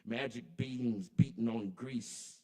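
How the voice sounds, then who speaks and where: In a slow, medium-pitched voice, a man gives a spoken word performance at an open mic held in a kava bar. The piece is rhythmic and incantatory, alternating soft and loud stretches.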